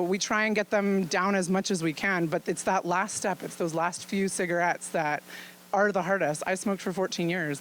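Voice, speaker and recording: A woman's voice: fairly low pitch, a little hiss or hum, poor audio. A woman physician giving an informal talk to an audience. She speaks frankly and chattily and laughs often as she explains things. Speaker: physician presenting at a luncheon.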